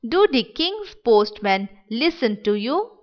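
A woman reading the part of a sick, wistful young village boy in a dramatic play reading, in a gentle, wondering manner. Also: on the high side, very animated, takes it slowly, dull audio. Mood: eager.

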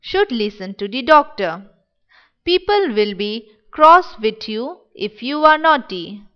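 A woman reading the part of a kind young village girl in a play reading, speaking kindly with a hurried manner. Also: a little high, very animated, highs cut off.

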